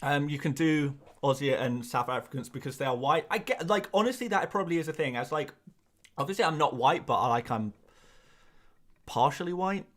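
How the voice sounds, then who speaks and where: A man's voice: fairly high pitch, expressive, fairly bright tone. A man, hosting a live stream and chatting casually through viewer comments in a rambling, talkative way. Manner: chatty, rambling, quick asides and laughs. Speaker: fantasy football livestream host.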